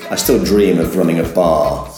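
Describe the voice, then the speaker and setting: A man's voice: low voice, moderate pace, reverberant, faint music behind. An older man, a veteran radio presenter, reflecting in an interview and now and then leaping into an upbeat on-air voice. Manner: animated, jumps to a bright upbeat presenter voice when demonstrating.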